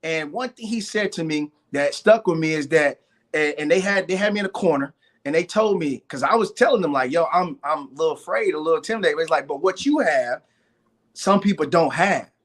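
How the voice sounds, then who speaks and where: A man's voice: fairly high pitch, normal speed. A middle-aged man, a guest entrepreneur, telling his life story earnestly in a live interview, repeating phrases and stacking up lists of hardships.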